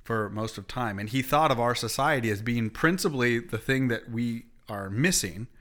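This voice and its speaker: Male co-host with a bright, sharp voice who explains with enthusiasm. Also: medium pitch, animated, normal speed. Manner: eager, earnest explainer with many fillers. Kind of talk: casual chat.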